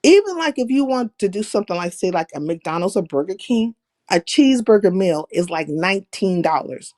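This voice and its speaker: A woman hosting a livestream, telling profane stories in a brash, animated, slangy way. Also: mid-range voice, fairly quick, dry recording. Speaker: livestream host. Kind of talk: casual profane storytelling chat.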